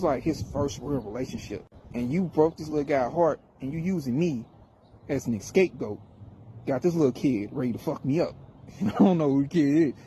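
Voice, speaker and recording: A middle-aged man telling a story in a casual monologue, animated, wry and full of swearing. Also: fairly high pitch, slight background noise, rough recording.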